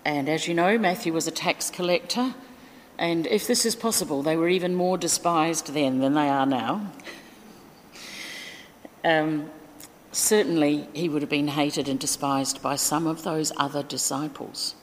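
A woman's voice: low voice, measured pace, long reverb tail, slight background noise. A woman giving a chatty, informal sermon in a church, with asides and fillers. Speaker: preacher.

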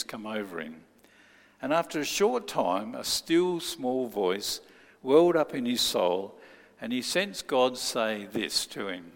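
A man preaching a sermon, telling a story and acting out the people in it. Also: medium pitch. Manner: storytelling, acts out quoted voices. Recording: long hall reverb.

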